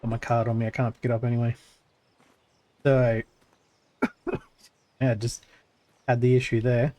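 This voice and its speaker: Speaking unhurriedly in a mellow voice with little pitch movement, this man talks through his game as a streamer, full of fillers and restarts. When he pushes it deep, his voice crackles.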